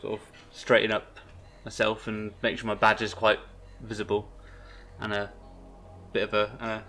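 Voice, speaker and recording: A man's voice: on the low side, monotone, unhurried, sharp tone, a little hiss or hum. Hesitant male tabletop player. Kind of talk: tabletop game play.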